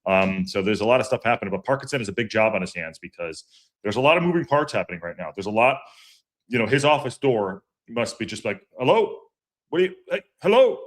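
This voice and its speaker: A man hosts a fan podcast live stream in a relaxed, chatty way. His voice sits a little low. He wanders from point to point, restarts his sentences, fills gaps with ums and uhs, and calls out viewers by name. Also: fast. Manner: rambling, repeats himself with many fillers; greets chat viewers by name. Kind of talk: casual livestream chat.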